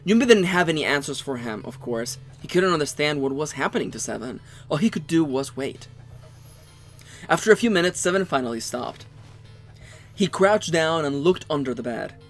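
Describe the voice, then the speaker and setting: A man co-hosting a let's play, reading the game's narration aloud with quick joking asides. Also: a little high, expressive, faint music behind.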